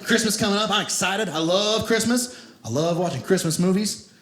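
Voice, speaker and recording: A man's voice: high-pitched, brisk, a loud crowd. A man from Kentucky doing a stand-up comedy set, telling stories and acting out the voices of people in them. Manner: animated storytelling, acts out quoted voices. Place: comedy club stage. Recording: echoey theater with loud audience laughter.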